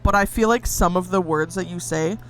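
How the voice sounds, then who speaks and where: A streamer with an accent between American and Indian English chatting casually with viewers while gaming, rambling and full of fillers. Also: female voice, fairly low pitch, moderate pace, a little hiss or hum. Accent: mix of American and Indian English. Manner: rambling, lots of fillers, giggly.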